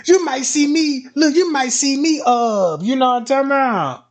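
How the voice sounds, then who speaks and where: A man's voice: extremely high pitch, moderate pace, hardly any pauses. Profane rambling man telling street stories. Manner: profane, rambling, repeats "you know what I'm talking about". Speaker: streamer. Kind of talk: casual street storytelling monologue.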